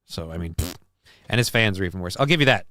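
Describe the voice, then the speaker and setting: A man's voice: deep voice, animated, fast, bright, forceful tone, no echo, studio quality. A man hosting a casual live stream, reading chat messages and answering them in a defensive, rambling way, swearing casually, with a voice that cracks at times. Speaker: livestream host reading chat.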